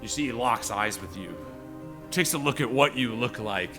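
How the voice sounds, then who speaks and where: A man narrating a tabletop game as game master, animated and rambling, with many fillers. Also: mid-range voice, normal speed, over music.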